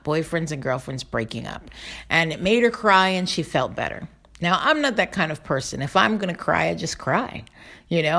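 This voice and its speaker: A woman with a slightly low voice delivers a devotional sermon. She speaks with feeling and emphasis, drawing out the phrases that matter most. She sounds middle-aged. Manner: emotional, emphatic, slows down on key phrases. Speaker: preacher.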